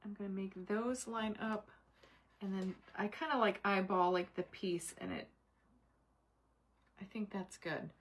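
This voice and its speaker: A woman's voice: medium pitch, steady tone, measured pace, pauses often. A middle-aged woman hosting a craft livestream, chatting with viewers by name while she works and muttering to herself as she concentrates. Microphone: camera mic at desk.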